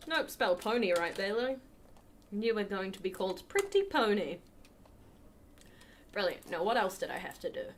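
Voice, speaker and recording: A woman's voice: medium pitch, very animated, normal speed, long pauses, a little hiss or hum. A woman hosting a charity livestream, chatting casually with viewers while she plays a game at her computer. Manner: chatty, talks to the chat while playing. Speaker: livestream host. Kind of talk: casual gameplay commentary.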